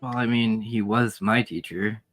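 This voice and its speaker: A man taking part in a tabletop role-play, casual and reasoning out loud. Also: on the low side, steady tone, a little slow, soft background music. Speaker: player.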